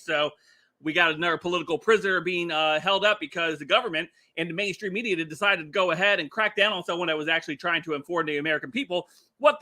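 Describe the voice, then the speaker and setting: A man's voice: high-pitched, pushed and bright. A middle-aged man hosting a casual commentary livestream, rambling and chuckling with lots of filler words. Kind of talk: casual political commentary stream.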